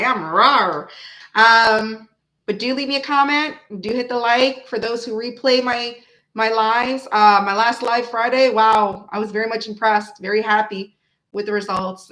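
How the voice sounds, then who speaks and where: Chatty woman reading tarot live, echoey room. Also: medium pitch. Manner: chatty, animated, laughs often, talks to her chat. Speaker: tarot reader and live stream host.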